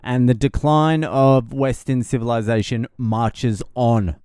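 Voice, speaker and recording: A man rambles through a casual podcast monologue, sardonic and heavy on swearing. His voice is smooth and resonant, recorded close and dry with no room sound. He often chuckles at his own jokes. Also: mid-range voice, steady tone, slow, darkish tone, no room sound. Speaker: podcast host.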